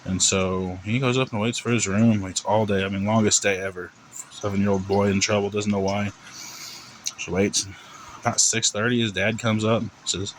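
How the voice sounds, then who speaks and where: A man with a fairly low voice tells a long joke in a casual, rambling way. He talks conversationally, with faint background hum. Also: flat delivery, moderate pace, rough recording. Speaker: joke teller.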